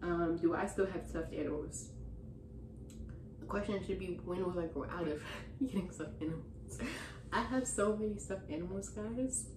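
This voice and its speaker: A young woman chatting casually in a vlog Q&A, relaxed and slangy, in a room full of stuffed animals. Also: on the low side, normal speed, background noise. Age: young adult. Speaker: vlogger. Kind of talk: casual Q&A chat. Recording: roomy echo.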